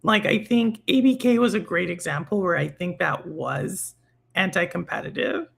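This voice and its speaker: A podcast host in casual chat who talks in an animated way, thinking aloud and restarting sentences. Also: mid-range voice, normal speed, vocal fry, breathy edge.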